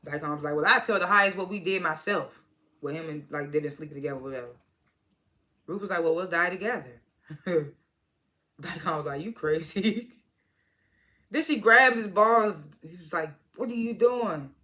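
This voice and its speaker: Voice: mid-range voice, moderate pace, pauses often, bright, forceful tone. A speaker casually recapping a TV episode, retelling scenes as quoted dialogue, swearing freely and chuckling along. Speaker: TV episode reviewer.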